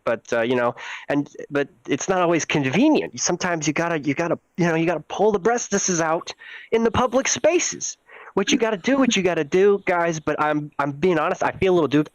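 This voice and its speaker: A young man doing a rambling, self-mocking stand-up set over a video call, often jumping into loud voices. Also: a little high, no room sound, low-quality recording. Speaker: stand-up comedian.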